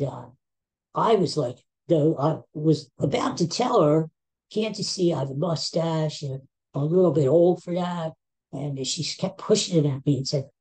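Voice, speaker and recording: A man in his sixties with a Philadelphia accent hosts a podcast as a casual chat, his voice mellow and on the high side. He tells rambling stories sprinkled with self-mocking asides.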